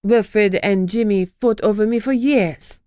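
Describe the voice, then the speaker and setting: A woman's voice: medium pitch, unhurried, dark tone, smooth, no room sound, clean studio sound, natural voice. Woman doing a spiteful French-accented lady. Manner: spitting, indignant.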